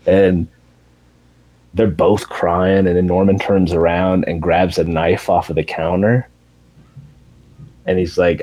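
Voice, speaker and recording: A man with a very low, dark and husky voice, retelling a TV finale in loose, casual chat. He swears freely and slips into raised voices when quoting the characters. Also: a little slow, rough recording. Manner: animated storytelling with profanity, acting out characters in raised voices.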